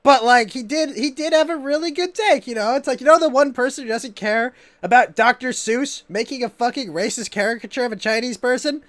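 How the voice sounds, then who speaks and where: A woman's voice: fairly high pitch, fairly quick, few pauses. A woman co-hosting a live stream, talking politics in casual banter, ranting animatedly and swearing freely. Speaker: stream co-host.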